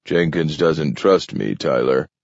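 A man doing a sly, self-assured mutant who drawls mildly and mocks under his breath. The voice sits very deep and low-key. The read is dry and somewhat dull in tone. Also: slow, creaky, darkish tone, dry recording, exaggerated voice. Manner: mild, easygoing and mocking. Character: sly, amused male mutant, self-sufficient. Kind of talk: audiobook character voice.

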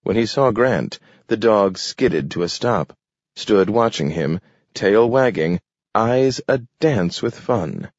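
A man narrating an audiobook in a measured, deliberate reading. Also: on the low side, animated, dry recording. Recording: dull lo-fi recording.

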